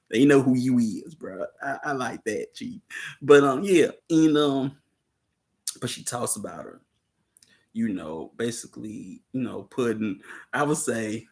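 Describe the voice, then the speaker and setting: A man hosting a casual livestream about a film, laid-back, laughing often and chatting with viewers. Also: medium pitch. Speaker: host discussing a film.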